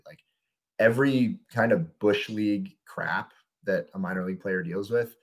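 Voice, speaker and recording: Young man, lowish voice, baseball guest, rambling casual chat. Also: husky. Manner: relaxed, rambling storyteller with frequent fillers. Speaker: minor league baseball pitcher, guest. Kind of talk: casual podcast interview.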